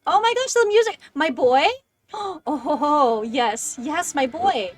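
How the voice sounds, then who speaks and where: Young woman gamer streaming, high bouncy voice, makes fun of herself a lot, close mic. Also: normal speed, soft background music. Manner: excitable, self-deprecating chatter. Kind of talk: casual gaming livestream chat. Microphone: close desk microphone.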